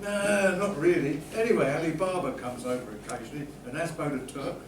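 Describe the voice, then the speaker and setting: A man with a fairly high voice plays a bumbling genie in a homemade panto skit and grumbles indignantly. He is recorded from across an echoey room. Background noise runs under him. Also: brisk. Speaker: panto performer playing a genie. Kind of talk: amateur panto comedy. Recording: echoey room, far from mic, noisy.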